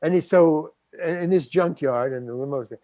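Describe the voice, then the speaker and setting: An older man, a guest actor in an interview, tells an anecdotal story and acts out the quotes. His voice is a little high and dark in tone, at a moderate pace, with no room sound.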